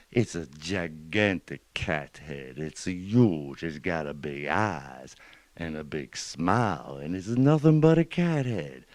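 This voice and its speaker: A man's voice: sits low, warm tone, dry recording. A man telling a story in a casual, rambling, slangy way, spoken-word over a band track in a studio. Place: recording studio. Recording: dry close studio mic.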